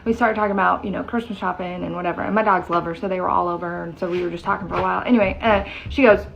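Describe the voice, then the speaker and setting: A woman's voice: on the low side, steady tone, rapid-fire, gravelly. A woman chatting casually, wryly recounting a conversation and acting out both sides. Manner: chatty, wry, acts out dialogue. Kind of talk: casual storytelling vlog. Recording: dull lo-fi with faint noise.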